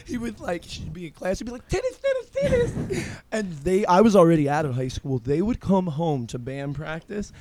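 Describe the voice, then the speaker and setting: A man's voice: on the high side, lively intonation, fairly quick, a little mellow. Profane laughing male podcast host. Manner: profane, laughing storyteller who acts out quotes. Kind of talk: casual chat.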